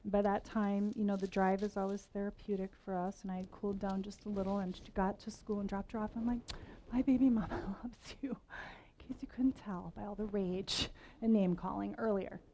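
A woman's voice: medium pitch, flat delivery, fairly quick, mellow, a little hiss or hum, poor audio. A woman in her forties giving a conversational sermon to a women's gathering, candid and self-mocking, laughing between lines. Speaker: women's event speaker.

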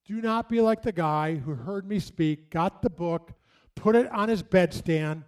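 A man's voice: high voice, measured pace. A man telling a story to an audience, acting out his mother's lines, often repeating himself.

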